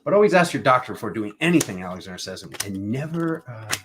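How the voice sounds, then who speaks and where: A man's voice: fairly low pitch, very animated, fast, background noise. A man giving a casual, playful tarot reading, rambling between jokes and card meanings. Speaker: tarot reader.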